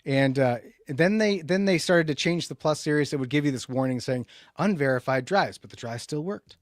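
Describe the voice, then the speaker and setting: A man hosting a casual tech livestream. He rambles and restarts a lot, jumping between loud emphatic bursts and low muttered asides. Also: a little fast, no echo, studio quality. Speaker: livestream host.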